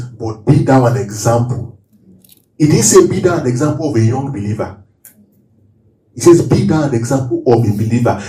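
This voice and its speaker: A man's voice: mid-range voice, mellow. A man preaching as a pastor, leading his congregation through call-and-response Bible reading and teaching from the verses. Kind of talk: sermon. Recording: roomy hall, voice from far off.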